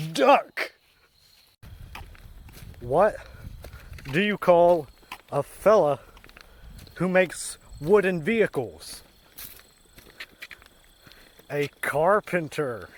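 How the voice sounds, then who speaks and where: A man telling pun jokes in a rambling, deadpan way while out on a walk, recorded on a phone outdoors. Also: a little high, a little hiss or hum. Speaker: comedian. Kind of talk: casual joke-telling on a walk.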